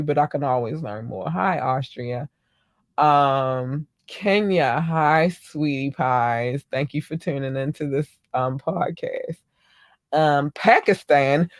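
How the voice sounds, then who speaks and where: A woman hosting her own podcast, chatting casually and gushing with excitement as she greets listeners. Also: sits low, dry recording, clean studio sound. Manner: gushing, excitable, squeals in delight. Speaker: podcast host. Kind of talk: casual solo podcast chat.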